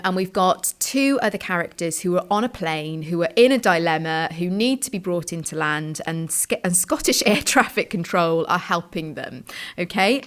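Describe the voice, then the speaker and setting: A woman co-hosts a relaxed education podcast. Her voice sits a little low, and she rambles through her points with frequent fillers. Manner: chatty, rambling with many fillers. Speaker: podcast co-host, teacher. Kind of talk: casual podcast chat. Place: small room away from the usual studio.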